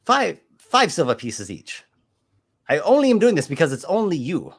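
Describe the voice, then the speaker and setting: A grandiose, wheedling shop merchant voiced by a man pushes his wares with an animated, swinging pitch. He flatters every buyer and never stops the pitch. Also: moderate pace, husky, exaggerated voice. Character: pushy male gnome shell merchant, flattering.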